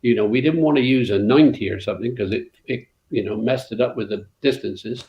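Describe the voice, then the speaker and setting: A man's voice: mid-range voice, fairly quick. An older man with a West Country accent, a former rally co-driver telling long stories in an interview, rambling with lots of fillers and restarts. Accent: West Country English. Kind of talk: anecdotal interview storytelling. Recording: roomy, dull lo-fi sound.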